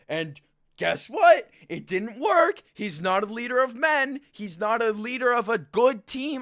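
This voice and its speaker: A man's voice: high voice, pushed and bright. A young man hosting a live sports talk stream, ranting with passion and frustration from his own mic. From Canada. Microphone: own mic, moved during check.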